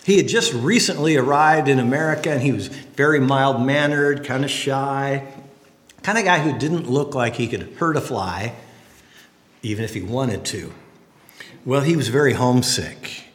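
A man's voice: medium pitch, moderate pace. A middle-aged man preaching a sermon, telling stories with jokey asides. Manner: animated storyteller, jokey asides. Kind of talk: sermon with storytelling. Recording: echoey hall.

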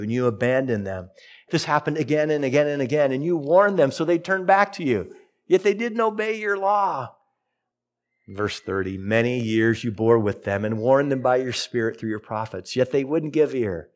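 A middle-aged man preaching a sermon, telling a personal story and reading scripture with lively, expressive delivery. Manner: storytelling, animated with big pitch swings. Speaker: pastor.

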